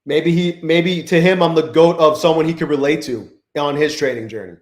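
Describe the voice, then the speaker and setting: A man's voice: a little high, moderate pace. A young man hosting a live trading stream, chatting loosely and profanely while he greets viewers from the chat by name. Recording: echoey room.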